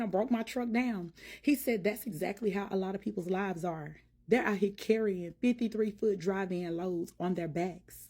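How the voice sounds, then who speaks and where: A woman preaching to her followers in a fervent, informal church cadence, her voice climbing higher and louder as she gets worked up. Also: breathy edge. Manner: fervent, rising in pitch and force as she preaches. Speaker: ministry vlogger. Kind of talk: preaching to camera.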